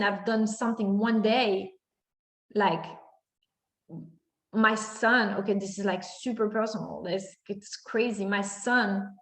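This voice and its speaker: A woman in her thirties telling a personal story in a monologue, acting out her own reactions with many fillers. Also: medium pitch. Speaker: spiritual content creator. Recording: echoey room.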